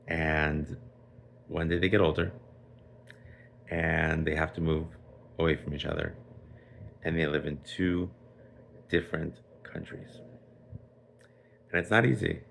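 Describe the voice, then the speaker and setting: A man, a rabbi, telling a children's story in a lively, chatty way with Yiddish and Hebrew words. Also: a bass voice, gravelly, a little hiss or hum.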